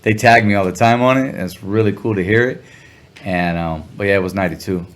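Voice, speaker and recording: A man telling a story in a relaxed interview, talking in slang and sounding animated when he quotes people. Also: on the low side, fast. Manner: laid-back, slangy, animated when quoting others. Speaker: guest musician.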